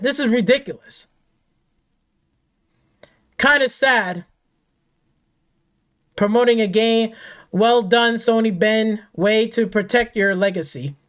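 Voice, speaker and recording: A woman hosting a gaming channel, ranting off the cuff in a heated, profane way, repeating herself and firing rhetorical questions. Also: high voice. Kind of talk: angry off-the-cuff rant.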